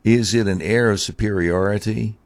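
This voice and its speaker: Male talk host, very low voice, dry close sound, opinionated and drawling. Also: steady tone, moderate pace, no room sound. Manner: opinionated, drawling, mocking asides. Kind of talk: political talk commentary.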